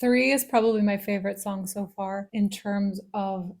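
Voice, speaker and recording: A woman's voice: medium pitch, fairly even intonation, normal speed. A woman therapist hosting a music reaction video, gushing and laughing often, then thinking aloud about the lyrics.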